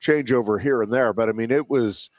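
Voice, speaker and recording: A man co-hosting sports radio, adding measured, agreeable points in casual chat. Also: mid-range voice, dry recording. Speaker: radio co-host, wrestling broadcaster.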